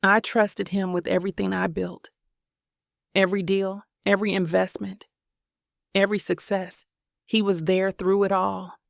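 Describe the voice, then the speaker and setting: A troubled wealthy man confesses in a low, measured voice, read by a woman narrator. A gravelly fry runs under the words. The sound is dry and close. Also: level tone, no echo, lightly acted. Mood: pained.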